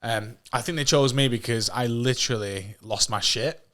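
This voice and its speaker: A man in his thirties from England, a podcast guest telling stories in a casual, animated way, swearing freely and laughing at his own jokes. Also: medium pitch, moderate pace. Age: 30s. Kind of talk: casual storytelling.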